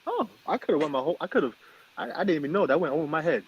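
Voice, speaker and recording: A man's voice: fairly high pitch, very animated, racing, husky, no echo, highs cut off. A man co-hosting a podcast, telling stories in emphatic casual chat and checking in with his listeners again and again. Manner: emphatic storyteller, keeps asking "okay?". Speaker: podcast co-host.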